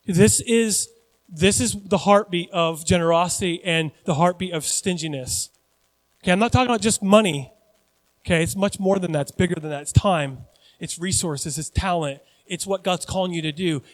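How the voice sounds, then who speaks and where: A pastor in his forties preaching a sermon in a joking, conversational, animated way. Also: sits high, moderate pace. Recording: long church hall reverb.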